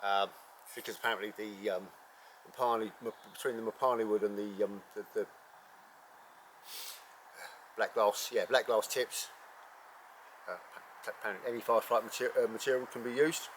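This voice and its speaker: A man hosting an archery channel, talking casually and rambling with many ums and self-corrections while reviewing a bow outdoors in bright sun. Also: fairly low pitch, steady tone, fairly quick, a little hiss or hum. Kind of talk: casual unscripted gear review.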